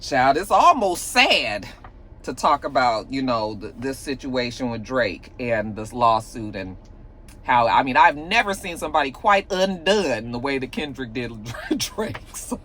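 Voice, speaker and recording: A woman hosting a casual celebrity gossip chat, talking straight to her viewers in a chatty, animated way. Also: deep voice, a little slow.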